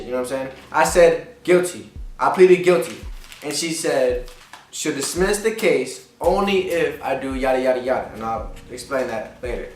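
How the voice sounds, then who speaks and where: A man's voice: medium pitch, expressive, moderate pace. A man ranting casually in a vlog, venting with frustration and lots of profanity, going over the same points again and again. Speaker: vlogger. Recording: echoey room, distant mic, faint music.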